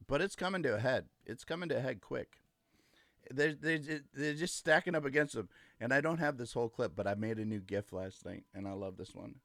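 A man's voice: medium pitch, fairly quick, vocal fry, a bit bright, no room sound, studio quality. A man hosting a casual livestream, ranting emphatically and gloating, repeating his points. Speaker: livestream host. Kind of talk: casual political livestream rant.

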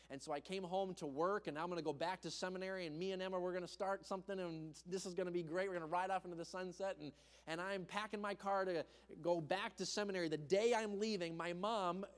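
Young male pastor, high-pitched, narrative sermon with animated quoted voices and hushed reflective passages. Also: smooth. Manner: storytelling, acts out quoted voices with big pitch jumps; drops to a soft, low voice for tender points.

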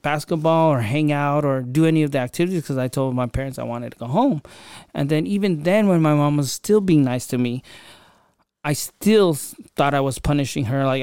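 A man's voice: medium pitch, a little mellow, smooth, no room sound, studio quality. A young man hosting a podcast, telling a personal story in a casual, conversational way with lots of fillers and asides. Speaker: podcast host.

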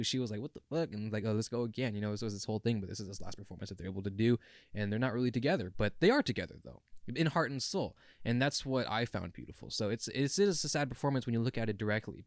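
In a dry, studio-quality recording, a young man with a medium-pitched voice co-hosts a podcast. His casual chat comes out earnest, rambling and emotional.

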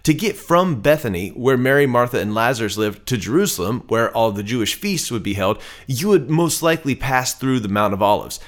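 A man reading scripture and explaining it in a steady, teaching manner. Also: mid-range voice, fairly quick. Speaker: Bible teacher.

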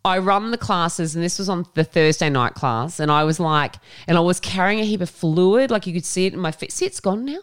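A woman's voice: on the low side, brisk, hardly any pauses, clear, resonant tone. A woman, co-hosting a podcast in frank, sweary casual chat. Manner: frank and sweary, animated storytelling. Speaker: podcast co-host.

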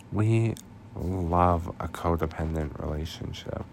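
A podcast host with a deep, fairly bright voice recaps a film in chatty, slangy casual talk packed with filler words. A little hiss or hum is audible.

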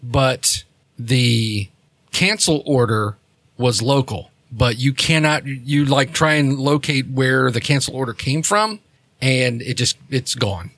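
A man narrating as game master of a tabletop role-playing game, with a relaxed manner and halting restarts. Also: mid-range voice, no echo.

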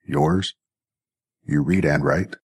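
A man voicing a calm, formal robot zookeeper in an audiobook story, speaking in measured, polite sentences. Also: very deep voice, slightly rough, full character voice.

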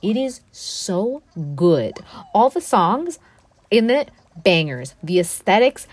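A young woman in casual conversation, gushing with enthusiasm and scattering fillers as she talks. Her voice sits at an ordinary middle pitch. The recording is dry, with almost no room sound. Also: big pitch swings, slow pace, a little mellow, dry recording. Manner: chatty, enthusiastic, lots of fillers. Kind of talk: casual chat.

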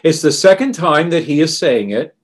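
A man preaching a sermon in a slow, earnest and deliberate way, dropping softer on the verses he quotes. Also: a little high, animated.

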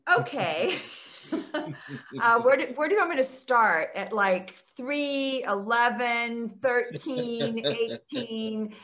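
Older actress guest, chatty storyteller, laughs a lot, video call audio. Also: female voice, on the high side, slow, fairly bright tone. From Texas. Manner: chatty, laughs often while telling stories. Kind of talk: casual interview storytelling.

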